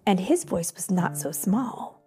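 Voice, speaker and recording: A woman's voice: mid-range voice, very animated, measured pace, warm tone, faint music behind. A woman reading a fairy tale aloud to a child with playful, chatty asides to the listener. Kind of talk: playful read-aloud storytelling.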